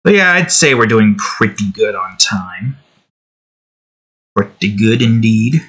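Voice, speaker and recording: With his cat close by at home, a young man who hosts a channel as a digital artist draws and rambles casually, full of fillers and asides. He speaks slowly in a lowish, fairly bright voice with lively intonation, and the sound is slightly rough.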